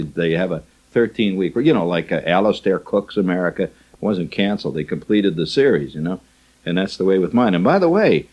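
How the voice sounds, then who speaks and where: Low-voiced wry male radio host. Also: darkish tone, muffled recording. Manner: wry, teasing, rambling asides. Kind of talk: reading listener mail on air.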